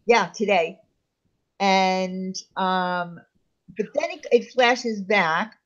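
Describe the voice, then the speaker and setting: A woman in a casual chat, explaining hesitantly with many pauses. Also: medium pitch, lo-fi sound.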